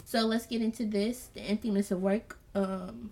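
Her pitch is medium and her intonation fairly even as this woman hosts a casual Bible study podcast. She talks to her listeners, whom she calls y'all, in an earnest, preachy way before softly and slowly reading scripture.

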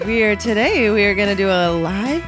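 A young adult woman co-hosting a casual chat podcast in a studio, chatty and quick to laugh. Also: mid-range voice, expressive, music in the background. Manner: giggly, chatty. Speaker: podcast co-host, publicist. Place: recording studio.

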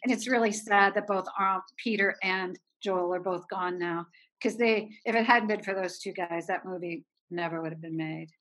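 A woman in her sixties from Erie, a film producer guest, telling lively anecdotes and laughing often. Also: fairly low pitch, normal speed. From Erie, Pennsylvania. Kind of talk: anecdotal storytelling.

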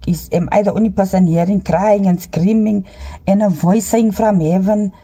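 A middle-aged woman recording herself on a handheld phone inside a car, earnestly sharing a dream with halting ums and preachy urging. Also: medium pitch, steady tone, warm tone. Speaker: Christian dream sharer. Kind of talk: earnest testimony to a phone camera.

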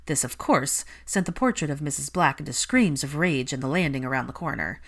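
Low-voiced woman reading a story. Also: animated, a little fast, fairly bright tone. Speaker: reader. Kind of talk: reading fan fiction aloud.

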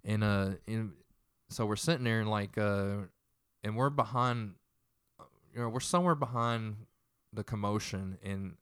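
A man's voice: fairly low pitch, a little slow, fairly bright tone, clear, resonant tone, dry recording, clean studio sound. A young man casually retelling a tense story in a profane, rambling way.

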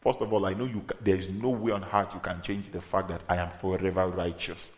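A man preaching a sermon, in an emphatic manner that rises to loud exhortation. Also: low-pitched, level tone, brisk. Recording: echoey room.

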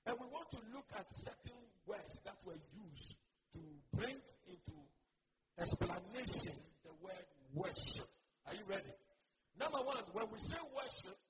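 High gravelly preacher, loud noisy room. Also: male voice. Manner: preaching with call-and-response to the congregation. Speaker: pastor. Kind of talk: sermon. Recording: loud background noise.

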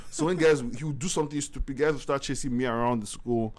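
Animated man telling stories. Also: medium pitch, fast. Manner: animated, laughs often, lots of slang. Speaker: podcast host. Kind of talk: casual storytelling chat.

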